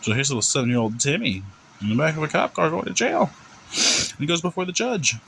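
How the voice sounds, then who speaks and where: A man's voice: on the high side, animated, a little fast, vocal fry, pushed and bright, a little hiss or hum, poor audio. A man telling a long joke in a casual, rambling, conversational way. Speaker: joke teller.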